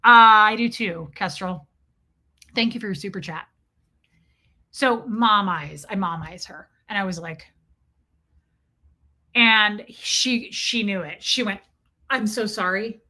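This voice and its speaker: A woman hosting a livestream, telling an animated, profane, comic story and greeting her viewers in a casual way. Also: medium pitch, slow pace, pauses often. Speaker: livestream host.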